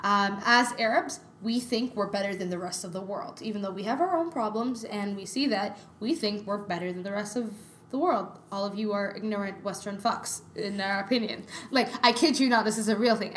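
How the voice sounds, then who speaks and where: A woman's voice: medium pitch, normal speed, fairly bright tone, slight background noise. A woman with a Canadian accent co-hosting a podcast in casual, emphatic chat, rambling with fillers. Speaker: podcast co-host.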